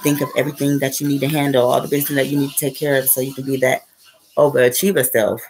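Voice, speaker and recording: A woman's voice: extremely low pitch, level tone, fast talker, darkish tone, slightly rough, low-quality recording. A woman telling a story in a casual, rambling way. She swears freely and keeps checking in with "okay?" and "right?". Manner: rambling and profane, with frequent "okay?" and "right?" asides. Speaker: spiritual vlogger.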